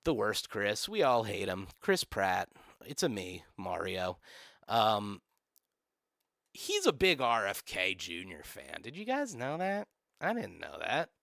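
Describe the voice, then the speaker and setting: A man's voice: fairly low pitch, huge pitch swings, measured pace, vocal fry, fairly bright tone, dry recording, studio quality. A young man streaming live, ranting casually with sarcasm and swearing, laughing often.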